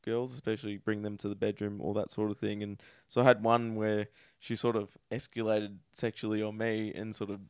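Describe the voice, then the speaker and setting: A man's voice: lowish voice, level tone, brisk, few pauses, a little mellow, smooth, no room sound, studio quality. A man with an Australian accent, a podcast guest telling his story in a candid, crude and self-deprecating way.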